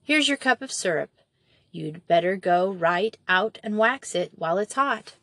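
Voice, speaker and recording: A woman reading a storybook and voicing a brisk, practical young farm woman who speaks in a matter-of-fact way. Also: mid-range voice, lively intonation, a bit bright, no room sound.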